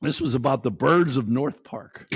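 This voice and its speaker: A man's voice: medium pitch, unhurried, husky, no room sound, clean studio sound. A man hosting a podcast, telling a crude, exasperated story in profane bar-talk style. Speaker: podcast host. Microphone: studio mic.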